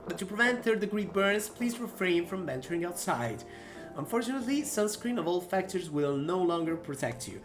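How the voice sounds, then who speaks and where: A man's voice: animated, brisk, faint music behind. A man reading out a TV weather forecaster's lines while playing a game, in a raised newsreader voice. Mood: formal. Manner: bright newsreader delivery, pitched up. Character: male TV weather forecaster, calm and formal. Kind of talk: reading game dialogue aloud.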